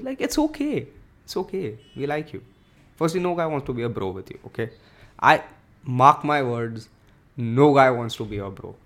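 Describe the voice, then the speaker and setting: A young man hosting a casual solo podcast, ranting and joking with lots of swearing and Hindi phrases mixed in. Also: mid-range voice. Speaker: podcast host.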